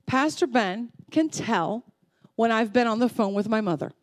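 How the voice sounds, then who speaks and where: A woman pastor preaching a sermon, emphatic and repetitive, swinging from loud declarations to soft, slow lines. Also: fairly high pitch, animated. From Texas family, Southern upbringing.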